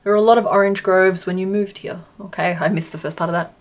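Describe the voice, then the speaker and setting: A woman's voice: medium pitch, steady tone, fast. An Australian woman chatting casually on a live stream while she crochets, answering her chat and laughing often.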